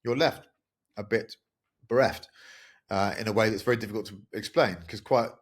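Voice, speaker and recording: A man's voice: on the low side, normal speed. A middle-aged man hosting a podcast, telling a personal story in a candid, rambling, wry way. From England. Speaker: podcast host. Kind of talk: casual podcast monologue.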